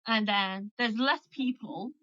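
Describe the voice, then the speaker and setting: A woman's voice: mid-range voice, takes it slowly, bright, forceful tone, dull audio. A young woman with a British accent, hosting a casual live chat with callers in a loose, chatty way, full of fillers. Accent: British English. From United Kingdom. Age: young adult. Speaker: livestream host.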